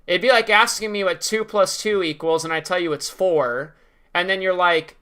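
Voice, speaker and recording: A man's voice: sits high, moderate pace, sharp tone, clear, resonant tone. A young man ranting in a commentary vlog, sarcastic, profane and mocking. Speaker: video creator.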